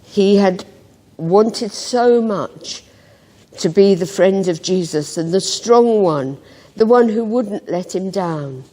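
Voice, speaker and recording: Slow, mellow woman telling a Bible story. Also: mid-range voice, expressive, in a large hall. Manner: slow, gentle storytelling with reflective pauses. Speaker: devotional reader. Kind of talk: scripted Bible story narration. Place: church.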